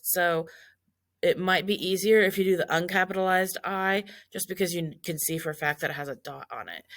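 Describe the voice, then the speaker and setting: A woman's voice: lowish voice, creaky, fairly bright tone, no echo, clean studio sound. Casual woman teacher talking through notes. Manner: casual, explains step by step with many fillers. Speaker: Spanish teacher. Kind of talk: recorded class notes walkthrough.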